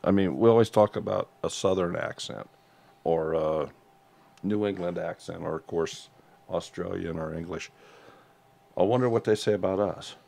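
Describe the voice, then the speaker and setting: A man's voice: low voice, normal speed, creaky, dark tone. A man co-hosting a casual livestream, making folksy, musing asides. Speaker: co-host of a homestead livestream. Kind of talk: casual live chat.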